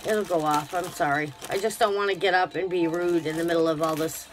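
A woman's voice: lowish voice, fairly even intonation, a little fast, a little hiss or hum. A woman vlogger chatting casually to her viewers while unboxing a craft gift, gushing with effusive praise. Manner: talks to viewers directly.

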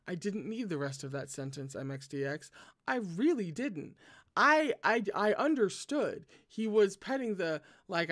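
A man's voice: sits high, very animated, measured pace, fairly bright tone. A man reading a novel aloud and breaking off for chatty, swearing commentary. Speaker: book reader.

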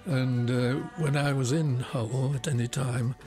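A man in his nineties recalling his life in an unhurried interview, often pausing with "uh". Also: medium pitch, steady tone, warm tone, faint music behind. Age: 90s. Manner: unhurried storytelling, frequent pauses with "uh". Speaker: interviewee, retired scientist and magician. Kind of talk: reminiscing interview.

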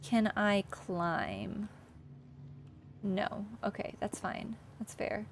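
In a casual livestream from a sunny room, a woman plays her own game, chatting, poking fun at herself, and talking to things on screen. Her mid-range voice is steady and creaky, extremely slow, against a noisy background.

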